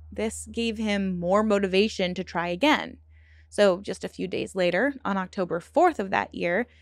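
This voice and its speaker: A woman hosting a true crime channel, telling a dark case in a casual, earnest way with asides and fillers, sometimes choked up. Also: mid-range voice, dry recording. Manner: earnest, emotional, choked up at times; conversational with many fillers and restarts.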